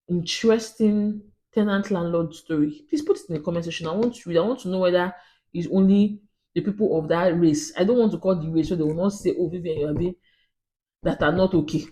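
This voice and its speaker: Lady vlogging, lowish voice, animated storytelling. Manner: animated, emphatic, acts out both sides of a conversation. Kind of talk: casual storytelling to camera.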